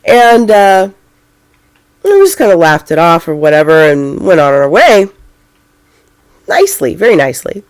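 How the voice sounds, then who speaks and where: A woman's voice: lowish voice, very animated, measured pace, long pauses, clean tone, no echo. A middle-aged woman chatting casually to the camera in a vlog, rambling and full of fillers, often poking fun at herself. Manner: rambling, filler-heavy, self-deprecating. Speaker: vlogger.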